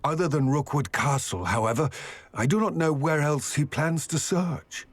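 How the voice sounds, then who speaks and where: An actor voicing a solemn adult male goblin in a video game, speaking in a measured, formal way. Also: fairly high pitch, a little hiss or hum, lightly acted. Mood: grave. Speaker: game character. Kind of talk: voiced game dialogue.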